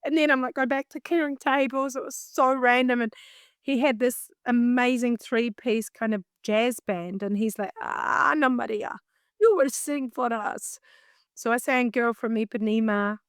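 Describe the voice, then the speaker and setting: New Zealand woman, singer, animated self-mocking storyteller, bright-pitched. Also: moderate pace, clean tone, dry recording, studio quality. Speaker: singer and vocal coach, guest. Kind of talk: casual storytelling in an interview.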